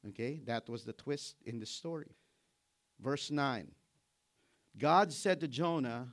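A middle-aged man preaching a sermon in an animated way, acting out biblical characters and laughing as he goes. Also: medium pitch, takes it slowly, long pauses. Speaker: pastor.

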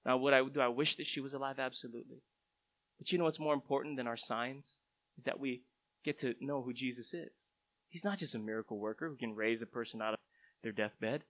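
A man's voice: medium pitch, steady tone, a little fast, fairly bright tone, poor audio. A man preaching a sermon in a conversational, storytelling way, his voice rising and dropping for emphasis. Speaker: pastor.

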